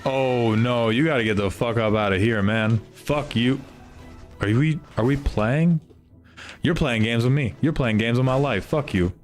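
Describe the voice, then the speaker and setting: A man's voice: mid-range voice, measured pace, faint music behind. A young man streaming a video game, reacting with constant frustrated swearing as he plays. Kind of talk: live gameplay commentary.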